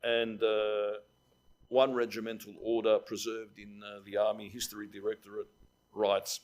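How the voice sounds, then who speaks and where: A man's voice: fairly low pitch, little pitch movement, normal speed. A man giving a public history lecture in a conversational, digressive way, with frequent fillers.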